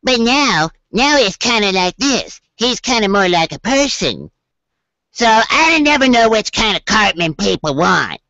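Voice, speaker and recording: A spoiled, bossy cartoon boy with a gravelly, bright voice. He drawls slowly, with his pitch swooping all over. The sound is a dull, dry video call recording. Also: very animated, no room sound, heavily acted. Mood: bratty. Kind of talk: cartoon voice impression.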